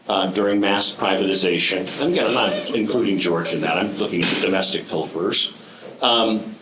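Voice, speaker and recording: A man's voice: on the low side, fairly bright tone, reverberant, a little hiss or hum, poor audio. A man giving a prepared speech to a live audience, telling stories with dry, wry humor and frequent ums. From United States. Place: room with an audience.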